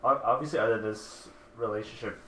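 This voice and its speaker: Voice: mid-range voice, fairly even intonation, fast talker, bright, forceful tone. A podcast host asking follow-up questions in casual chat, with short agreeing replies. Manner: reacts with short agreements, asks probing questions. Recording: echoey room with faint noise.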